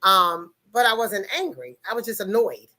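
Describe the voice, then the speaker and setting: A middle-aged woman explaining personality types in a casual, chatty way. Her voice is bright and forceful, and she puts full energy into everything she says. She stays intense and emphatic even on small topics. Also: medium pitch, moderate pace. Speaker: personality-type presenter.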